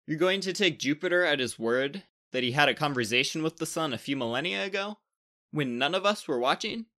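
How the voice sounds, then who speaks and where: A man voicing the planet Earth as a proud, sharp-tongued woman in a storybook reading, speaking in a raised, indignant tone. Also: on the high side, expressive, fairly quick, voice pushed up. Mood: defiant. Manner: indignant, sarcastic.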